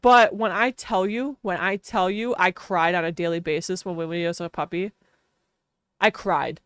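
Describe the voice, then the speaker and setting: A woman's voice: on the low side, steady tone, normal speed, smooth, dry recording, clean studio sound. A woman streamer telling a long casual story while gaming, chatty and full of fillers, laughing often.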